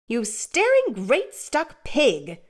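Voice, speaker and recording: Lady doing a shrill bossy sister, snapping and high, storybook style. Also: wildly swooping pitch, takes it slowly, full character voice. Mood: scolding. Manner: sharp, scolding. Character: sharp-tongued bossy older sister, shrill.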